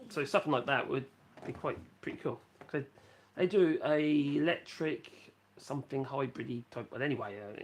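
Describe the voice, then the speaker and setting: A middle-aged man from Norfolk with a Norfolk accent, rambling through casual live-stream chat at home and reading chat messages aloud. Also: fairly high pitch. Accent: Norfolk English. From England (Norfolk). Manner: rambling, chatty, self-mocking, reads chat aloud. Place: rural home in France.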